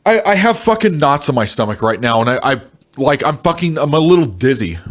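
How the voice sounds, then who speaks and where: A man's voice: medium pitch, sing-song, brisk. A man in his twenties venting angrily about work, swearing and stressed. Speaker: vlogger. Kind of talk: ranting personal monologue.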